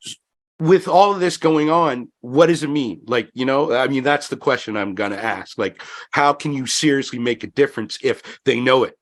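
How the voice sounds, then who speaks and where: A man's voice: mid-range voice, moderate pace. A man hosting a round-table discussion, reflective and growing passionate, with many fillers. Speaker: podcast host.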